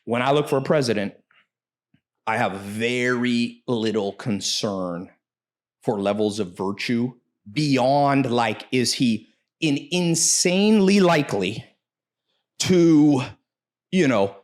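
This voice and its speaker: Brash, profane man telling stories. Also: medium pitch. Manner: brash, profane storytelling with bursts of emphasis. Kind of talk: casual podcast talk.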